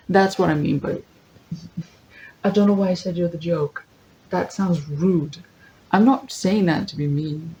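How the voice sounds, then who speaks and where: A tarot reader with a gravelly, creaky voice talks through a casual general reading, thinking aloud and often correcting themselves. They laugh easily and read word lists from a guidebook. A faint low rumble sits behind the voice. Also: a little slow, a little mellow, poor audio.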